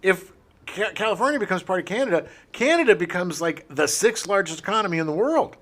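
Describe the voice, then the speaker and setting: Lively, bright-voiced joking man. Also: high voice, fairly quick. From United States. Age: middle-aged. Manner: joking, self-deprecating, lively. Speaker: podcast co-host. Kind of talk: casual chat.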